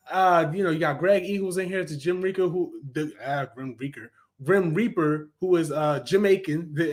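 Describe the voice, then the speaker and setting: Young adult man, slightly high voice, casual review vlog, enthusiastic, chatty, lots of fillers and restarts. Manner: chatty and enthusiastic, with frequent fillers and self-corrections. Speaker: cartoon reviewer.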